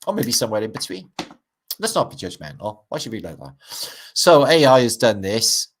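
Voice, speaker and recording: A man's voice: lowish voice, sing-song, brisk, slight background noise. A middle-aged Welsh man hosting a livestream, rambling casually over pictures with wry asides and casual swearing. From Wales. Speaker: livestream host.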